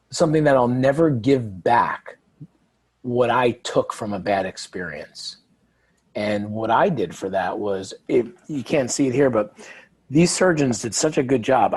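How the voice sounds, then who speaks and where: A man's voice: medium pitch, a little slow, slightly rough. A man who is a guest author in an interview, telling stories and acting out quoted dialogue. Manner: animated storyteller, acts out quoted dialogue. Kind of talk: conversational interview.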